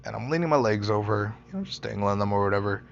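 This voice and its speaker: A young man with a low, gravelly voice rambles through his life stories, swearing often and doubling back on himself. The recording is dull and lo-fi, like a cheap home setup. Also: animated, quick pace, a little hiss or hum. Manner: rambling, profane, self-interrupting. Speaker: storyteller, podcaster. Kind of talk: casual personal storytelling.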